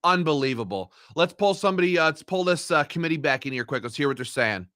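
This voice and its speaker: A man reacts live on his stream and rants with heat and indignation. His voice is bright and forceful, and it sits a little high for a man. The sound is dry, with no room around it. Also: animated, fast, no room sound. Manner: heated, indignant ranting. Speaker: livestream commentator.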